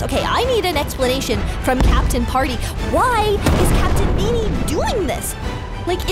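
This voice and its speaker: A woman narrating a playful game story, excitable and chatty, with gasps and asides, over background music. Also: extremely high pitch.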